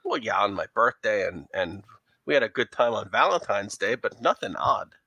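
A man with a New York accent voicing a worried young woman from a dance troupe, answering haltingly with many fillers. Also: fairly low pitch, big pitch swings, gravelly, bright, forceful tone, breathy edge, dry recording, lo-fi sound, voice pushed down, full character voice. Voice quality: broad, leaned-in street accent.

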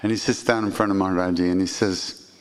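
Brief: low-voiced man narrating anecdotes casually, with a long reverb around him. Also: steady tone, fast talker, clear, resonant tone. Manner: rambling, warm storytelling with restarts and "you know". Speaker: podcast host, storyteller. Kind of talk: casual spoken storytelling.

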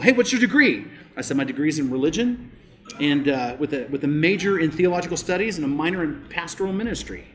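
In a somewhat bright voice, a male pastor gives an emphatic sermon, going up on the key points and coming down low and slow to drive each one home.

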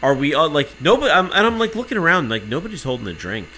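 Profane, ranting man, bright voice. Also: fairly high pitch, sing-song, quick pace, a little hiss or hum. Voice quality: profane, sarcastic. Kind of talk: casual chat, ranting anecdote.

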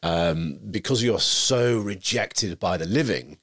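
A young adult man, co-hosting a podcast, chatting casually and telling stories in an animated way. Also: sits low, slow. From York, England. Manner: animated, storytelling, puts on voices. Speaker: podcast co-host. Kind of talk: casual chat.

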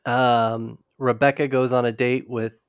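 A man's voice: medium pitch, flat delivery, measured pace, smooth, no room sound, muffled recording. A man co-hosting a podcast, casually recapping a TV episode in a rambling way, with frequent restarts. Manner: rambling, restarts often, quotes characters in passing. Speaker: podcast co-host.

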